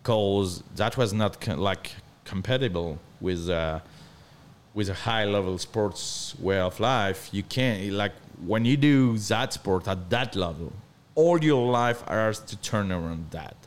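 A man from northern France with a French accent, talking as a guest in halting English full of restarts. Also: lowish voice, lively intonation. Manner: halting non-native English, frequent restarts, earnest. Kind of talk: casual chat.

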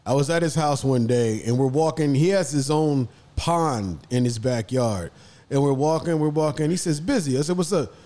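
A man in a casual chat, joking and telling stories in an animated way. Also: mid-range voice, normal speed.

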